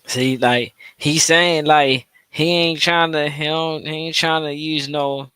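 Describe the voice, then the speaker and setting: A man's voice: on the high side, steady tone, slow, bright, forceful tone, clear, resonant tone, dry recording. Slangy man riffing on a clip. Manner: slangy, repetitive, restarts. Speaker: podcast host. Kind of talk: casual commentary on a played clip.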